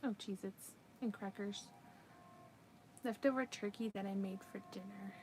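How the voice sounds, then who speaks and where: A woman chatting casually with her livestream viewers while she crochets, relaxed and talkative as she works. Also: mid-range voice, normal speed, a little hiss or hum. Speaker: livestream crafter.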